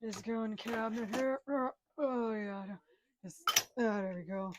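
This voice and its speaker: A woman's voice: fairly high pitch, fairly even intonation, measured pace, background noise. A woman rambling crudely to herself while doing chores at home, groaning and cursing constantly. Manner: melodramatic wailing outbursts. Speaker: comedic vlogger. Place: home kitchen.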